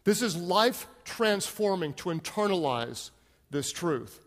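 A man's voice: sits high, expressive, slow, fairly bright tone, long reverb tail. A male pastor giving an emphatic sermon, leading call-and-response.

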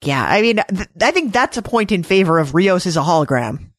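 A woman's voice: lowish voice, big pitch swings, brisk, no echo, clean studio sound. A woman co-hosting a casual fan discussion podcast, easygoing and wry. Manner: easygoing, wry, full of comparisons. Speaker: podcast co-host.

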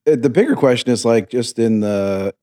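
A man's voice: medium pitch, normal speed, mellow. A man chatting casually on a podcast, joking and trailing off in a laid-back way. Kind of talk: casual chat.

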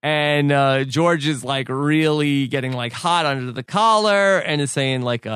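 A man with a fairly high voice chats casually as a podcast co-host, walking through scenes and acting out quoted lines. He leans on "like" as he talks, and the sound is close and dry with no room around it. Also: unhurried, few pauses, a bit bright, clear, resonant tone, no echo. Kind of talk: casual chat.

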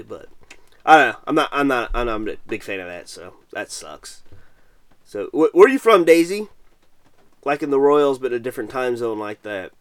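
A man's voice: medium pitch, fairly bright tone, smooth, dry recording. Chatty middle-aged man. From Missouri, USA. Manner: chatty, reads viewer comments aloud. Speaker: podcast host. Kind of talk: casual late-night livestream chat.

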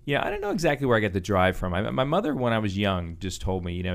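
Fast-talking low-voiced man telling stories. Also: vocal fry. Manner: animated storytelling with frequent fillers and restarts. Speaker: guest, business owner. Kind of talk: conversational radio interview answers.

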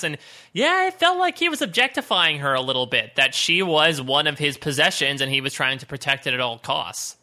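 A man's voice: fairly high pitch, a little fast. A man co-hosting a TV recap podcast in casual, joking chat. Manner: animated, joking, laughs often. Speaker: podcast co-host.

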